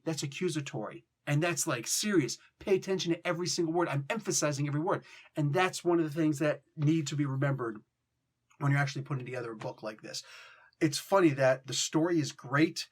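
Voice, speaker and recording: A man hosting a casual comic book review, animated and slangy, now and then acting out lines in mock voices. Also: a little high, brisk.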